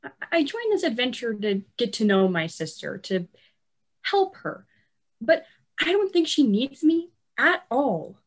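A woman's voice: a little high, sing-song, a little slow, heavily acted. A young woman playing a sarcastic teenage girl on an adventure, speaking dryly. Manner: dry, sarcastic. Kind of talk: stage play acting.

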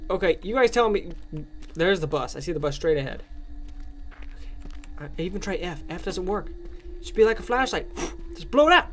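Gaming host, male, jumpy and loud, bright voice that swings high and low. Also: a little fast, long pauses. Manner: excitable, yells and rants at the game in jest. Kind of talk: horror game let's play commentary.

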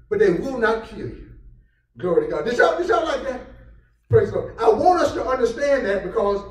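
A man preaching a sermon as pastor, building into shouted exclamations and call-outs to his congregation. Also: high-pitched, sing-song, brisk. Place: church sanctuary. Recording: echoey church room, mic from a distance.

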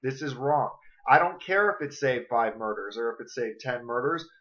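A man's voice: medium pitch, moderate pace, a bit bright, muffled recording. Angry ranting man, profane vlogger. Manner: angry, profane, confrontational, addresses viewers directly. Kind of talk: ranting political vlog.

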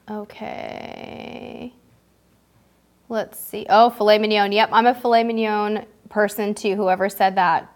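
A woman hosting a casual livestream, chatting brightly and reading out viewer comments with frequent laughs. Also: medium pitch. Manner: bubbly, reads viewer comments aloud, laughs often. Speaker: livestream host.

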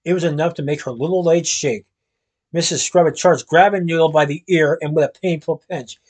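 A man reads a storybook aloud in a steady, even manner, now and then going back over a word. His voice sits a little high for a man and has a husky grain. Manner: steady reading with occasional restarts. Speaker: storybook reader.

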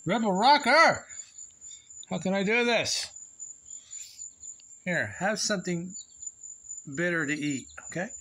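Slow-talking, teasing man vlogging at home. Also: high voice, lively intonation, pushed and bright. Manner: chatty, teasing, talks to his dog and to viewers. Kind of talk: casual rambling vlog. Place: home yard and house, partly outdoors.

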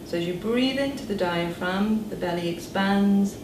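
British woman, speech therapist, calm step-by-step instruction, echoey room, mic at a distance, background noise. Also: mid-range voice, normal speed. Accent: British English. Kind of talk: guided breathing exercise instruction.

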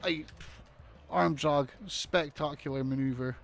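A man commentating on a wrestling video game as he plays, excitable, swearing and shouting in disbelief. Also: fairly high pitch, a little slow, creaky. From United Kingdom. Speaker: gaming commentator.

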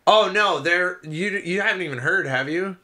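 A man co-hosting a casual podcast, retelling scenes in a rambling, excited way and swearing a lot. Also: high-pitched, moderate pace. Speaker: podcast co-host. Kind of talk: casual chat.

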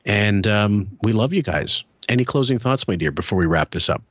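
A man's voice: on the low side, expressive, moderate pace, no echo, highs cut off. A man hosting a casual podcast, talking in a rambling, wry way with the odd chuckle into a close mic. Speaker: podcast host.

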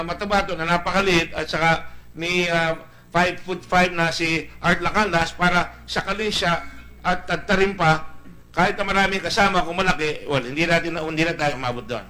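A man's voice: fairly high pitch, bright, forceful tone, rough recording. A man with a Filipino accent chairing a Senate hearing, giving an indignant, emphatic statement in a mix of Tagalog and English.

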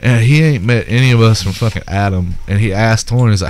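A man's voice: on the low side, fast, slight background noise. A man co-hosting a podcast, telling crude comedy club stories with lots of profanity and acting out the people in them. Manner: profane, animated, acts out voices in his stories. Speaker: podcast co-host, stand-up comic. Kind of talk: crude comedic storytelling chat.

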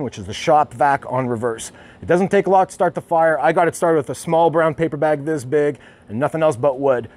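A man's voice: on the high side, darkish tone. A man hosting a barbecue tutorial outdoors beside his smoker, coaching viewers in a confident, direct way. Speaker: barbecue channel host. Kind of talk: hands-on cooking tutorial.

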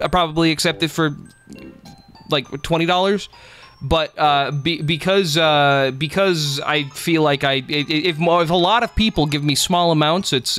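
A man's voice: fairly high pitch, a bit bright. A man streaming live gameplay, chatting casually in a rambling, profane, jokey way and thanking viewers.

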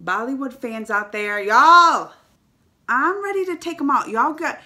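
A woman hosting a trailer reaction video, loud and exclaiming, talking straight to her viewers. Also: high-pitched, animated, measured pace.

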